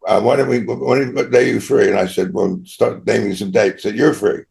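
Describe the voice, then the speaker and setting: Gravelly older Australian man telling stories. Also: on the low side, steady tone, normal speed, darkish tone. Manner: rambling anecdotal, frequent tag "right?". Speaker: guest. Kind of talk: storytelling interview.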